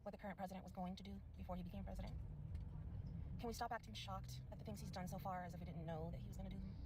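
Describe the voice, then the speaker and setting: Middle-aged woman, measured and indignant. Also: medium pitch, steady tone, very noisy. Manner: measured, indignant, listing points. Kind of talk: prepared commentary to camera.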